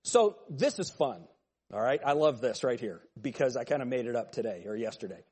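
A man's voice: mid-range voice, expressive, brisk, darkish tone, breathy edge. A man teaching a Bible class, talking conversationally, joking and calling on students by name. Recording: long hall reverb.

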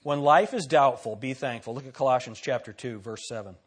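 Man preaching with dramatic loud-soft swings. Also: medium pitch, fairly quick, husky. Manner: repeats key phrases and asks the congregation questions. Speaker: pastor. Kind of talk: sermon.

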